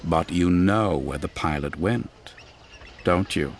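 A man voicing a cool, menacing Imperial officer who speaks slowly and quietly threatens. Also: low voice, a little hiss or hum, voice pushed down. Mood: cold, probing.

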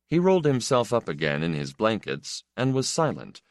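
A male narrator reads an audiobook in a measured, steady way. His voice is very deep and moves widely in pitch. The recording is dry and close. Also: no room sound. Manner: measured, even storytelling.

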